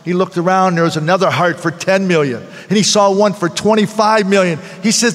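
A man's voice: sits high, brisk, a bit bright, long reverb tail. An older man giving a heartfelt personal testimony at a recovery meeting, repeating phrases for emphasis.

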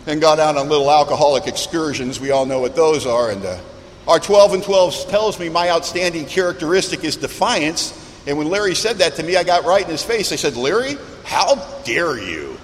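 A man sharing his recovery story with a meeting audience, candid and self-mocking, building dramatic lists with pauses. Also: a little high. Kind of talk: personal recovery testimony to an audience. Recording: echoey hall with faint background noise.

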